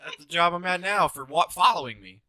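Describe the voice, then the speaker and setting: A man's voice: high-pitched, fairly quick, sharp tone. A young man in his twenties co-hosting a casual podcast, blunt and argumentative, talking in slang. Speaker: podcast co-host. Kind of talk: casual chat.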